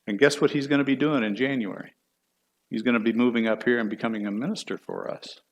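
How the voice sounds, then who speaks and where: A man's voice: medium pitch, quick pace. Middle-aged guy, church elder, teaching bible class, casual and folksy, lots of questions to the kids.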